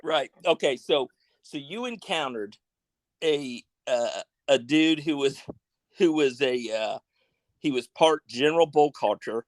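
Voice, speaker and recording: A man's voice: medium pitch, measured pace, no room sound. A man hosting a podcast, chatting casually and laughing often. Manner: laughs often, short reactions. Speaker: podcast host. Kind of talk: casual interview chat.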